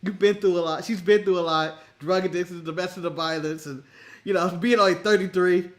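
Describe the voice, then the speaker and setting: Co-hosting a relaxed wrestling chat show, an American man is animated, laughs a lot, curses and performs other people's lines. His voice sits high and he speaks briskly.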